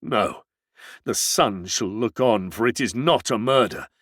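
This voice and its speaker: A man's voice: on the low side, lively intonation, a little slow, fairly bright tone, no echo, clean studio sound. A man playing a grim would-be executioner. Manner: grim, choked, in an awful voice. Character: grim, half-mad man bent on execution.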